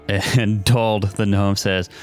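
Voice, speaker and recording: A man in a fairly low register runs a tabletop session. He describes the scenes loosely and talks in a meandering, unhurried way. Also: faint music behind. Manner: relaxed, rambling with many fillers. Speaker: game master. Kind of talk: narrating a tabletop game.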